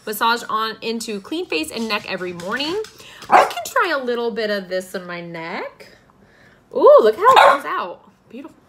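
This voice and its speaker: A woman's voice: fairly high pitch, big pitch swings, moderate pace, noisy background. A woman hosting a casual skincare unboxing at home, gushing with enthusiasm as she talks through each product. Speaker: beauty vlogger and podcast host.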